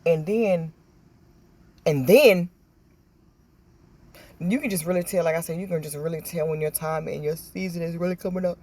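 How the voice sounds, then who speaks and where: A woman with a Southern American accent, telling stories in a chatty, animated vlog and acting out what people said. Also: on the low side, normal speed, pauses often. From Southern United States. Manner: chatty, animated storytelling with acted-out quotes. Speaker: vlogger. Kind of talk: casual chat.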